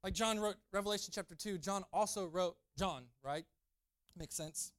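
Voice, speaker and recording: A man's voice: sits high, normal speed, fairly bright tone, no echo, studio quality. A man preaching a sermon, acting out quoted lines and building to emphatic peaks. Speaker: pastor.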